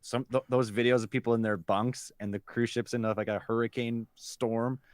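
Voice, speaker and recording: A man's voice: mid-range voice, level tone, moderate pace, dry recording, studio quality. A man co-hosting a podcast in casual chat, blunt and jokey, with a lot of swearing. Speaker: podcast co-host.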